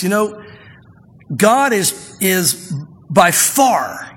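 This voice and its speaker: A man preaching a sermon as pastor, chatty and plain, slowing down to read scripture with emphasis. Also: high-pitched, animated, fairly bright tone, husky. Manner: conversational preaching, reads scripture slowly and with emphasis. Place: church sanctuary. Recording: long reverb of a church hall.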